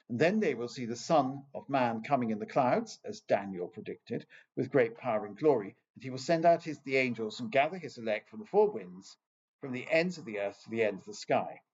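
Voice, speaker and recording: A man's voice: mid-range voice, a little mellow, slightly rough, dull audio. A man from England giving an informal lecture on scripture, chatty and digressive with wry asides.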